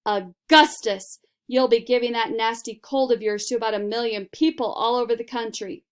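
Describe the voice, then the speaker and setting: A woman's voice: on the high side, steady tone, normal speed, clear, resonant tone, close to an everyday voice. Woman doing a giddy eccentric candy maker. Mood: breezy. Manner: airy, reassuring, theatrical. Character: eccentric cheerful male candy maker, giggly.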